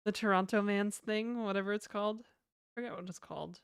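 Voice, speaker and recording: A woman's voice: medium pitch, fairly even intonation, fairly quick, smooth, no echo, clean studio sound. A woman streaming her game development, chatting loosely with viewers and rambling between reactions. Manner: rambling, chatty, swears casually, reacts to chat. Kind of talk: casual livestream chat.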